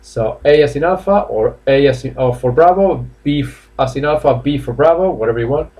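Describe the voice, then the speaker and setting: This online English teacher from Spain talks fairly quickly, with a medium-pitched, darkish voice and a Spanish accent. Chatty and encouraging, he laughs often and uses lots of fillers while teaching live from an indoor classroom or office.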